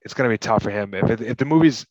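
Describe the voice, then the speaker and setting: A man's voice: fairly low pitch, racing, no echo, lo-fi sound. A man from Massachusetts co-hosting a casual movie podcast, rambling with lots of "like" and "you know". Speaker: podcast co-host.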